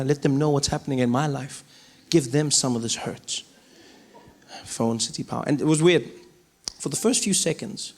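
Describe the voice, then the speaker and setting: A South African man doing stand-up comedy on stage, animated and acting out voices, swinging from loud to low. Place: large arena on stage.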